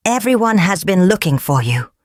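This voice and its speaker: A woman's voice: medium pitch, sing-song, normal speed, dry recording, studio quality, voice pushed up, lightly acted. A woman voicing a stern, insistent male magistrate in a storybook. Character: stern male magistrate, protective older brother.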